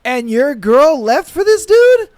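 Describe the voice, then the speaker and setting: Slow-talking profane male podcast host. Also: very high voice, no room sound. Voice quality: profane, blunt, animated reactions. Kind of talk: casual reaction to read-out stories.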